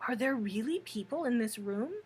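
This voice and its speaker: A woman reading the part of a kindly, earnest old male wizard in a storybook read-aloud, speaking gently and politely. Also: a little high, lively intonation, husky. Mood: courteous. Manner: gentle, courteous, measured.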